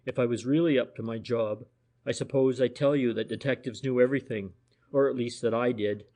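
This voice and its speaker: A man's voice: medium pitch, steady tone, a little fast, dark tone, close to an everyday voice. A man reading as a furtive, deferential detective. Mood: insinuating. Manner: deferential, insinuating. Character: furtive, civil male private detective.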